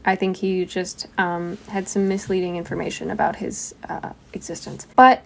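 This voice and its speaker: A woman's voice: on the low side, level tone, normal speed, creaky, poor audio. A woman co-hosting a casual podcast, wry and teasing, laughing often as she talks. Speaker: podcast co-host. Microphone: headset.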